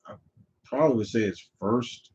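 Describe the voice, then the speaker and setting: Answering viewer questions during a live Q&A chat, this channel host gives opinionated replies that wander and often restart. He speaks at normal speed in a lowish, slightly mellow voice, and the recording is dull.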